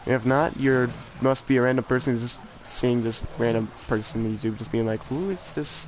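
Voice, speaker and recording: A man's voice: medium pitch, level tone, brisk, slight background noise, rough recording. A teenage boy chatting casually on a game stream, rambling and self-deprecating, often trailing off and restarting. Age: teens. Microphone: desk mic for streaming.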